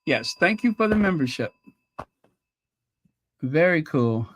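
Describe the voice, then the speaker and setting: A man's voice: fairly high pitch, sing-song, slow, no room sound. A man hosting a casual livestream, reading viewers' messages aloud in a chatty, apologetic way and laughing nervously. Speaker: channel host reading live chat.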